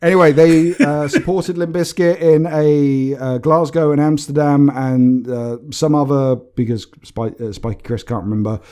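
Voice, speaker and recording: A man's voice: a little high, fairly even intonation, normal speed, few pauses, dark tone. Young British male co-host, rambling and hesitant, casual chat. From United Kingdom. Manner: rambling, hesitant, many fillers. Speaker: podcast co-host. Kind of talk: casual chat, reading listener questions.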